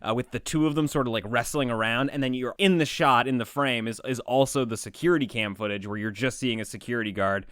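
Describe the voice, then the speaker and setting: Male podcast co-host, casual, lively and quick to laugh, dry recording. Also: medium pitch, smooth, no room sound. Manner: animated, laughs often. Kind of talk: casual chat.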